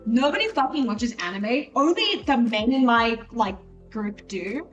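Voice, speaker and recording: A young woman chatting casually with her stream while studying, animated, swearing freely and jumping between tangents. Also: on the high side, measured pace, far from the mic, muffled recording. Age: young adult. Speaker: student streamer. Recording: voice a bit off mic, with music behind.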